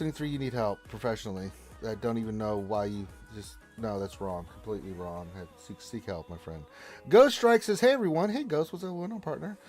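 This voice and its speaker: A man hosting a gaming livestream, reading out viewer messages in a lively, jokey way, loud on greetings and quieter on asides. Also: mid-range voice. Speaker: livestream host.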